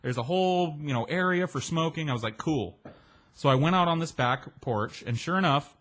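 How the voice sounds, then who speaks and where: A man's voice: on the high side, normal speed. A man casually telling a long story about a party, acting out the other people's lines and swearing freely along the way. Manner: animated, acts out voices of people he met; swears freely, chatty and self-mocking.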